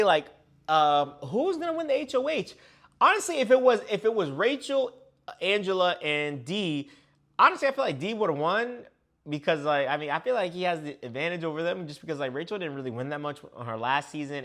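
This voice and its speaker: A man's voice: on the high side, lively intonation, fairly quick, fairly bright tone. A young man casually reviewing a reality show episode for his video channel, chatty and full of slang. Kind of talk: casual reaction chat.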